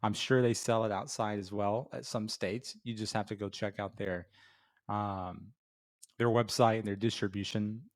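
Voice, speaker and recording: Man with a lowish voice, middle-aged, casual rambling talk, lots of ums and restarts, beer review host. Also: steady tone, normal speed. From Florida. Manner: rambling with many fillers and restarts.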